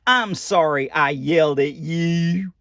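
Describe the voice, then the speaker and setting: A man's voice: fairly high pitch, slow pace, a bit bright, no echo, clean studio sound. A man voicing a fussy, worried male puppet in a storybook reading. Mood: gentle.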